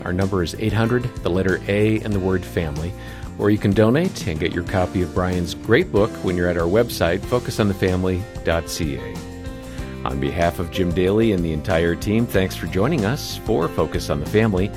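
A man's voice: low voice, lively intonation, brisk, music in the background. A man co-hosting a radio show, reading a scripted closing announcement with contact details.

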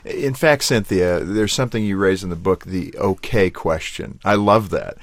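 A man co-hosting a radio interview, talking in a measured, unhurried way. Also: deep voice.

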